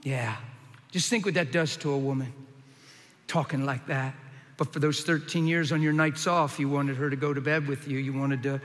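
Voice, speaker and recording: A man preaching his testimony, moving between hushed and shouted lines with dramatic energy. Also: medium pitch, steady tone, normal speed, in a large hall. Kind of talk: testimony sermon.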